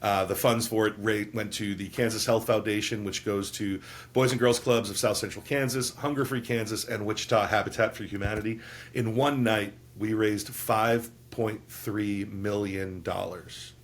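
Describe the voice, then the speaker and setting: A man who is a DJ and podcast co-host, with a Midwestern American accent, giving emphatic, enthusiastic shout-outs. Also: lowish voice, steady tone, moderate pace. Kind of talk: casual podcast chat.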